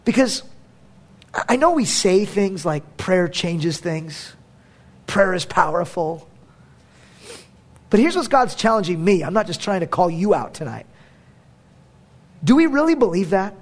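A man's voice: sits high, big pitch swings, measured pace, long pauses. A man preaching a sermon as a pastor, conversational and emphatic, with casual fillers.

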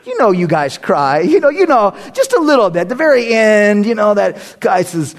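Male pastor, comic sermon delivery, bright voice, swoops up and down a lot. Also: high-pitched, sing-song, moderate pace, few pauses. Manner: humorous, conversational, laughs often.

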